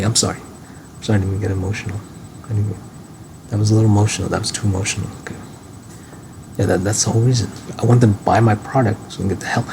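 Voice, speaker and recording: A man's voice: fairly low pitch, steady tone, racing, vocal fry, long pauses, darkish tone. A man rambling through a personal monologue in a musing way, often restarting and now and then swearing. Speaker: vlogger. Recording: noisy ambient recording.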